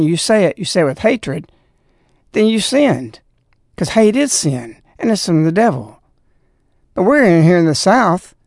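A man with a high-pitched voice is a guest on an opinionated talk radio show, where he speaks indignantly and moralizes in long, rambling turns. The recording is clean studio sound with no room noise.

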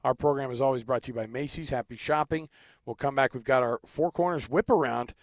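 A man co-hosting a casual sports talk show, animated and jokey, on a close studio mic. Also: mid-range voice, brisk, dry recording. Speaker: sports radio co-host.

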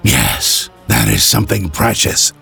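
A man voicing a tormented male demon who answers in a halting, unwilling way. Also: lowish voice, big pitch swings, gravelly, bright, forceful tone, faint music behind, full character voice. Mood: grudging.

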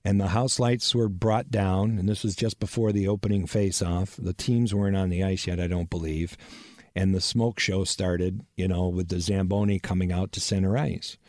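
A man's voice: low voice, steady tone, darkish tone, no echo, clean studio sound. A man who worked as a radio broadcaster recounting a story, acting out the announcements in it. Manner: measured storytelling with acted-out announcements. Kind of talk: anecdote.

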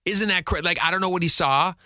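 A man's voice: high voice, fast talker, pushed and bright, no echo, studio quality. A man in his thirties hosting a radio talk show, chatty and upbeat with rambling asides. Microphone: studio mic.

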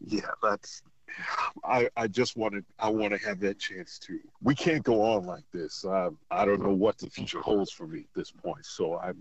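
A man calling in to a radio show as a father, talking in an earnest, halting way with many restarts. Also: lowish voice, breathy edge, no room sound, muffled recording. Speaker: caller, father. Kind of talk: emotional phone conversation.

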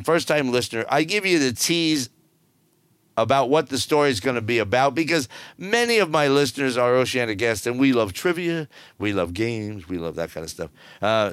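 Gravelly, lively ranting man host. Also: on the high side, no room sound. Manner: ranting, sarcastic, animated. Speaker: podcast host. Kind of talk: opinionated solo podcast.

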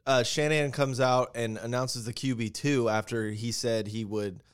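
A man co-hosting a sports podcast in casual chat, talking quickly with wry, joking asides. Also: medium pitch, fairly even intonation, clean tone. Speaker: podcast co-host.

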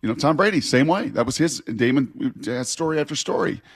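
A man's voice: mid-range voice, expressive, brisk, husky, no echo. A man in his forties, a former player co-hosting sports talk radio, telling stories in a rambling way with many restarts. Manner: rambling, self-interrupting, storytelling with restarts.

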